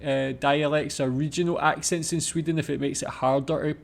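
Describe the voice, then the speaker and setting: A man with a slightly higher voice reacts casually to a video, thinking aloud as he goes. He hums and wonders out loud between his thoughts. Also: fairly even intonation, moderate pace, creaky.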